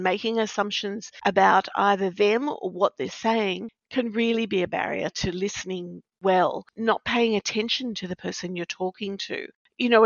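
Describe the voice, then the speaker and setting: A woman hosting a podcast, explaining in a measured, explanatory way and stressing key words. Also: mid-range voice, dry recording. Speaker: podcast host, practice faculty manager. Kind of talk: scripted-sounding podcast chat. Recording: dry, slightly dull lo-fi recording.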